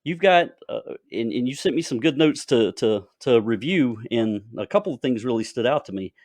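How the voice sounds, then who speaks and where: A man's voice: mid-range voice, animated, normal speed, a little mellow, no room sound, studio quality. Friendly male podcast host. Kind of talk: casual interview.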